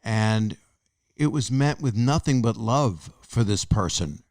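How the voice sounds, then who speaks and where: A man's voice: lowish voice, lively intonation, slow, a little mellow, no echo, clean studio sound. An older man hosting a podcast in casual chat, rambling and restarting his sentences as he tells his own stories. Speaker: podcast host.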